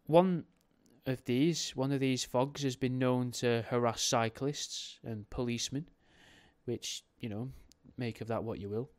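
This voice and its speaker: A man's voice: mid-range voice, fairly even intonation, unhurried, darkish tone. Guy chatting on his podcast, rambly and jokey, trips over his words a lot. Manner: rambling, jokey, self-correcting. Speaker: podcast host. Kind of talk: casual podcast chat.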